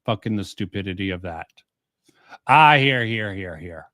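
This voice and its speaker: A man's voice: fairly low pitch, expressive, moderate pace, sharp tone, no echo, clean studio sound. A man giving casual, profane, rambling reaction commentary.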